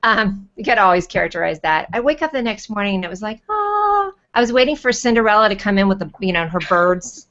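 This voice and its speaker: A woman hosts a casual live video chat in a bubbly, teasing way, tossing quick asides to viewers. Her voice sits at an ordinary middle pitch. The audio is dull and lo-fi, like a video call. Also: a bit bright. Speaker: host.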